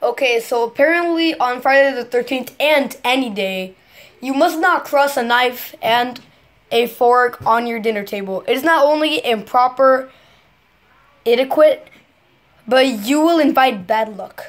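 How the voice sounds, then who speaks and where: A woman with a slightly high voice talks straight to camera in a loose, chatty vlog style. She rambles and sidetracks herself, bouncing from excited bursts to muttered comments. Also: a little slow. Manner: chatty, rambling, jumps between excited and mumbled asides. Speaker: vlogger. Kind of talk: casual chat to camera.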